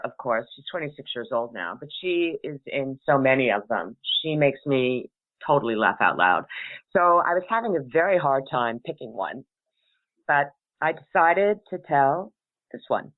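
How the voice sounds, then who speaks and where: A middle-aged woman hosting a call-in talk show, telling a family story in a chatty way and laughing between sentences. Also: very deep voice. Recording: tinny phone-like sound.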